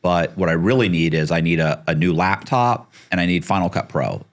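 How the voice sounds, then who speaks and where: Deep-voiced man spinning a casual story. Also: brisk. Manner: animated, acts out the people he quotes, swears casually. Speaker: podcast guest.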